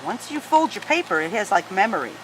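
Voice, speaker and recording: At home, a woman teaches origami in a hands-on craft tutorial, walking through each fold patiently and talking to her dogs along the way. She speaks fast and sing-song at a medium pitch, with background noise in the clip.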